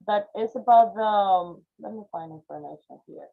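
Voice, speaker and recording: Teacher on a tinny call line. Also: female voice, mid-range voice, moderate pace, creaky. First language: Spanish. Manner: explains step by step, frequent "okay?" check-ins and fillers. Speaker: phonetics teacher. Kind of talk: online class lecture. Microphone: video call. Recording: tinny phone-like video call audio.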